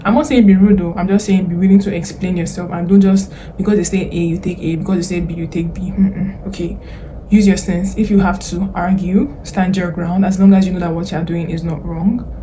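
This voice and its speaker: A woman's voice: lowish voice, fairly even intonation, brisk, mellow, slight background noise. A young Nigerian woman with a Nigerian accent, giving chatty, earnest advice in a casual vlog, full of fillers and slang. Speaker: vlogger.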